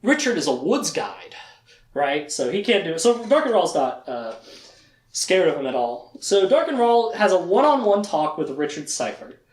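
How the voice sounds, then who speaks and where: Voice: mid-range voice, sing-song, moderate pace, echoey room. A podcast host giving a casual, chatty recap of a fantasy novel with laughing asides.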